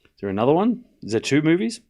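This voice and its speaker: A man's voice: fairly high pitch, big pitch swings, quick pace, darkish tone. A young Australian man streaming a tennis watchalong, calling scores and bantering with chat in a joking, sarcastic way. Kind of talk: live watchalong commentary and chat.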